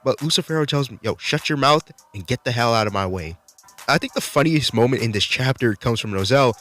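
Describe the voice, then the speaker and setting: In this casual video commentary, a male reviewer swears his way through an enthusiastic, laid-back recap of a manga chapter's fights. His voice sits in the middle range with a fairly bright tone.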